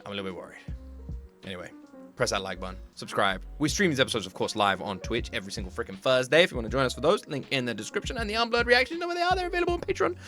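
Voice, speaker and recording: Excitable animated male reaction host. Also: medium pitch, racing, faint music behind. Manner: excitable, animated, jokey, swears freely. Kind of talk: casual reaction commentary.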